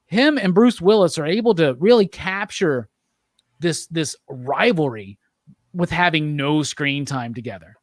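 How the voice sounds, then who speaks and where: Man, podcast host, enthusiastic, fairly high voice, dry close sound. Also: a little slow, no room sound. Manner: animated, enthusiastic, leads the discussion. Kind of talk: casual movie review chat.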